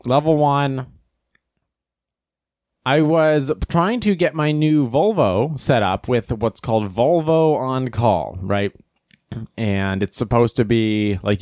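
A man hosting a podcast, telling a casual comic story and commenting on the news, acting out quotes in high voices. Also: dry recording, studio quality. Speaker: podcast host.

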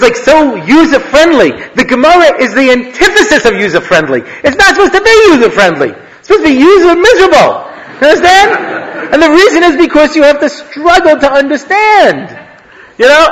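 A male rabbi giving a humorous Torah lecture, an animated storyteller who laughs at his own jokes. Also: sits high. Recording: long reverb of a hall.

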